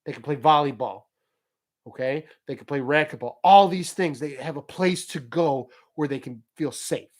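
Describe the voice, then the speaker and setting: Chatty, slightly high-voiced man. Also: normal speed. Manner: animated, laughs while telling stories. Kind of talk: casual storytelling and motivational talk.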